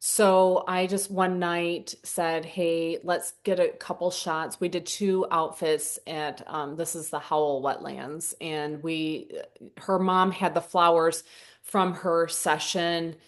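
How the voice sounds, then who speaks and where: A woman photographer from southern Indiana, a guest telling stories about her shoots in a casual interview and acting out her own quotes in a higher voice. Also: steady tone, slow pace. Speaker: senior portrait photographer, guest.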